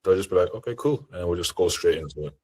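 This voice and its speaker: A man's voice: deep voice, fairly even intonation, fast, dark tone, breathy edge, poor audio. A man teaching sales in a live seminar, talking in a direct, assertive way. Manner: direct, assertive coaching talk. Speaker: sales trainer. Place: online group call.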